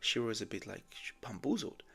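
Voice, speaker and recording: A man reviewing a manga, reading lines aloud and breaking into excited reactions. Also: fairly low pitch, fast talker, gravelly, breathy edge. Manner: reads dialogue aloud, reacts with loud bursts and laughs.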